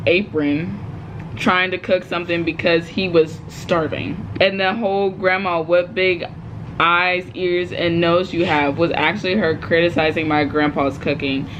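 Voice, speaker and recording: A woman's voice: fairly low pitch, steady tone, unhurried, background noise. A woman reading her own story aloud, breaking off with giggles and joking asides. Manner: giggly, breaks off to laugh and comment.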